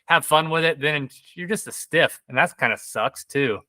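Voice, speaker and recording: A man's voice: a little high, normal speed, pushed and bright, no echo. A man hosting a podcast, chatting casually and giving rambling explanations to his guest. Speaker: podcast host. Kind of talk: casual interview chat.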